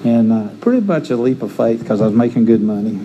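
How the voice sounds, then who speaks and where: A middle-aged man preaches in a very dark, mellow voice. He speaks earnestly, often repeating a word as he restarts a thought. A faint hiss of air conditioning sits behind him. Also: medium pitch, lively intonation, quick pace, dull audio. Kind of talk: sermon with personal stories.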